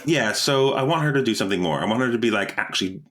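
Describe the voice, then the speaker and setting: A man's voice: mid-range voice, lively intonation, quick pace, a loud crowd. A man co-hosting a podcast, chatting casually, rambling and tripping over his words, laughing often. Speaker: podcast co-host. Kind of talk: casual chat.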